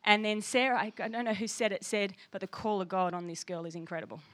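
A woman's voice: medium pitch, steady tone, fast talker. A woman pastor preaching a sermon with passion and emphasis, reading scripture aloud.

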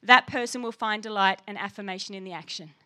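A woman's voice: medium pitch, fast, bright, forceful tone. A woman pastor preaching a sermon with passion and emphasis, reading scripture aloud.

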